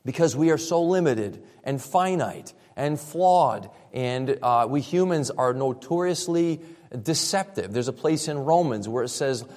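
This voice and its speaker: A man's voice: a little high, animated, normal speed, a little mellow. A man preaching a sermon as pastor, speaking in a conversational way with frequent restarts. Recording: reverberant hall.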